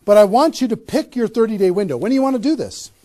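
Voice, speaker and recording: A man giving a motivational network marketing seminar to a small audience, energetic and emphatic, with many rhetorical questions. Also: high voice, quick pace.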